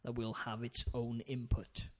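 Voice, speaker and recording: A man co-hosting a podcast, chatting casually in a relaxed, rambling way and laughing often. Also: mid-range voice, measured pace. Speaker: podcast co-host. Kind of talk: casual chat.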